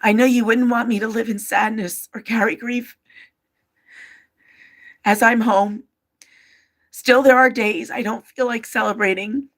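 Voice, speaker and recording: A woman's voice: fairly high pitch, steady tone, unhurried, long pauses, a bit bright. A woman hosting a livestream, reading out viewer comments and her own personal letters in an open, emotional way. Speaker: livestream host.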